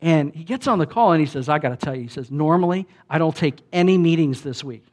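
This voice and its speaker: A man preaching in an easygoing, conversational way, like he's talking to friends. His voice sits a bit high for a man, and he breaks into exaggerated voices when quoting others. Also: expressive, fast, darkish tone. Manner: conversational, acts out quoted voices with big pitch jumps. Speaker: pastor. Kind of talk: sermon.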